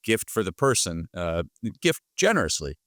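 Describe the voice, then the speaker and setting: Low-voiced podcast host, dry sound. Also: male voice, big pitch swings, moderate pace, a bit bright, dry recording. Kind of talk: casual interview chat.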